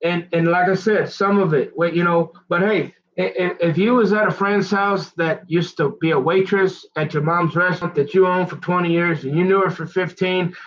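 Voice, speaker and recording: A man talks in a loose, rambling way, stacking slang and restarting sentences as he goes. His voice sits a little high for a man. The recording is dull and lo-fi. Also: steady tone, normal speed, few pauses, a bit bright. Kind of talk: rambling casual monologue. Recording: dull lo-fi sound.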